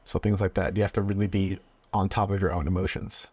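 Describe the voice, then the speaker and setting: A man with a fairly low, husky voice talks calmly and earnestly. He explains things as a guest in a casual interview. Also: fast, no echo. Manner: calm, earnest, acts out parent-child dialogue.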